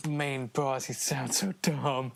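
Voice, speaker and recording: A man's voice: medium pitch, steady tone, slow, vocal fry. A man co-hosting a casual gaming podcast, chatty and joking with frequent fillers. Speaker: podcast co-host. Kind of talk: casual chat.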